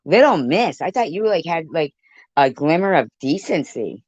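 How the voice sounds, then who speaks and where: A woman's voice: deep voice, very animated, moderate pace, darkish tone, slightly rough, dry recording. A woman livestreaming a heated, profane rant, snapping back at people in her chat. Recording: dull lo-fi stream audio.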